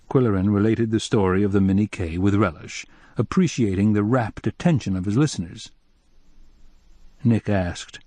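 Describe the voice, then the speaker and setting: A man narrating a mystery audiobook in an even, measured reading. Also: lowish voice, no echo. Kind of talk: scripted narration.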